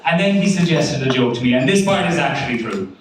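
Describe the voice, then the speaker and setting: An Irish man in his thirties works through a sweary, self-mocking stand-up set. He tosses quick asides to the crowd. The recording is distant and echoing, with audience noise behind him. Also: medium pitch, expressive. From Ireland. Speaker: stand-up comedian. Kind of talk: open mic stand-up set. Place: comedy club stage. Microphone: handheld mic, recorded by a far camera. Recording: echoey club from far off, audience noise.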